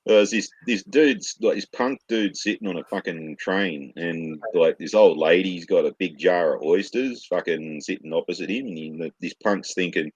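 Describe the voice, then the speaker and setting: A man's voice: low voice, normal speed, hardly any pauses, slightly rough, dry recording. A man telling crude jokes in casual chat, swearing freely. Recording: dull lo-fi stream audio.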